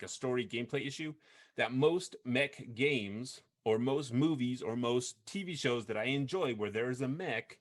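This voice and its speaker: A man hosting a video game podcast in casual chat, rambling with frequent restarts and quick laughs. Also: medium pitch. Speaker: podcast host.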